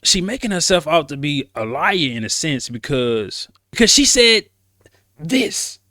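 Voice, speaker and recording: High, bright-voiced man ranting. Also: very animated, unhurried, dry recording, studio quality. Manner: blunt, emphatic, slangy, repeats words. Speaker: commentary host. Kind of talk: casual commentary rant.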